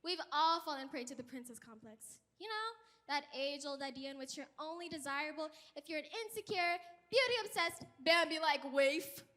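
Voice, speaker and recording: A woman's voice: high voice, animated, moderate pace, hardly any pauses, sharp tone. A woman playing a sassy, wisecracking young princess in a live stage musical, making wry, brassy asides to the audience. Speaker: stage actor. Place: school auditorium stage. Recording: long reverb in a big hall.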